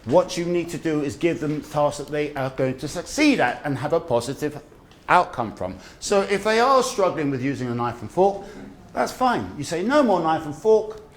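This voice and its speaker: In a community event room, a lively man gives a public health talk on dementia awareness, telling stories animatedly and acting out quoted voices. His voice is fairly high at a moderate pace, with slight background noise.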